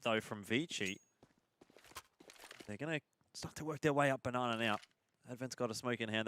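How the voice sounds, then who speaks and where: A man's voice: medium pitch, fairly bright tone, clean tone, no room sound. A man doing chatty, analytical commentary on an esports match. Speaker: esports caster. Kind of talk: play-by-play commentary.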